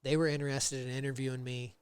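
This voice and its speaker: A man guesting on a podcast, telling his work history in a rambling, casual way with many fillers, and getting animated when he retells old conversations. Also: medium pitch, fast talker, clean tone, dry recording, clean studio sound. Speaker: podcast guest, metal fabricator. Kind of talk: casual interview storytelling.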